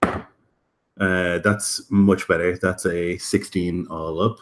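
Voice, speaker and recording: Male player, lowish voice, casual, rules talk with fillers. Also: little pitch movement, extremely slow. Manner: explains dice rolls and actions casually. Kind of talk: tabletop game play.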